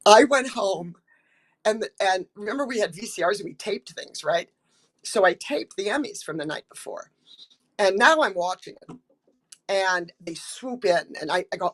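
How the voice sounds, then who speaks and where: An older American actress telling stories in a casual interview, chatty and full of ums and restarts, acting out quotes. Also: female voice, mid-range voice, expressive, moderate pace.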